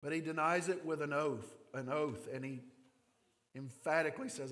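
A man's voice: a little high, moderate pace, fairly bright tone. A man with a Kentucky mountain accent preaching a sermon, telling the story with animation and acting out quoted voices. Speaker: pastor. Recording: long hall reverb.

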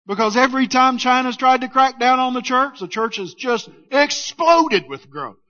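A man preaching a sermon as pastor, emphatic, leading the congregation in call-and-response and pressing his points in slow, weighty phrases. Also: very high voice, lively intonation, bright, forceful tone. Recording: dull lo-fi sound.

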